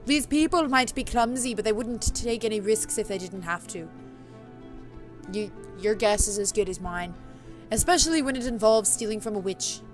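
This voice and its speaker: A woman voicing a mysterious older witch shopkeeper, pushing her voice deep and trying an accent that keeps slipping, while reading game dialogue aloud. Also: lively intonation, normal speed, soft background music, lightly acted. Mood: knowing. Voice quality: deepened voice, wobbly attempted accent.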